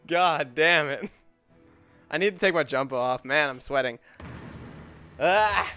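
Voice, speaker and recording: A man's voice: fairly high pitch, moderate pace, bright, forceful tone, clear, resonant tone, faint music behind. A young man giving playful, rambling commentary over his gameplay. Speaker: gameplay streamer. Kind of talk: casual let's play commentary.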